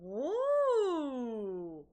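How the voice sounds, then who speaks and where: A woman streaming a game, gushing and bubbly, with quick excited asides. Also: high-pitched. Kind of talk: excited live gameplay commentary.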